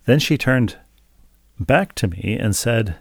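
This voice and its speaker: A man's voice: medium pitch, animated, slow, creaky, no echo. A middle-aged man co-hosting a podcast, telling a story in casual chat with dry, wry humor. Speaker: podcast co-host.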